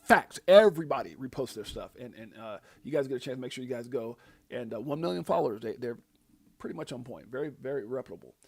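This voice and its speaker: A man's voice: medium pitch, expressive, fast talker, darkish tone, husky. A middle-aged man hosting a crypto livestream in a rambling, chatty way, with many fillers and easy laughs. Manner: laughs easily. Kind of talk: casual livestream chat.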